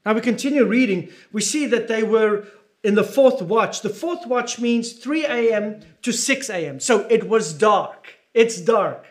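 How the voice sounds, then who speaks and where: A man's voice: sits high, lively intonation, unhurried. A man preaching a sermon with emphatic delivery, repeating key phrases and asking the listeners questions.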